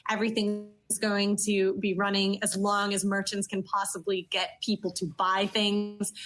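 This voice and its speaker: A woman guest who gives a shopping expert's answers in an interview, measured and with frequent fillers. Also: mid-range voice, fairly bright tone.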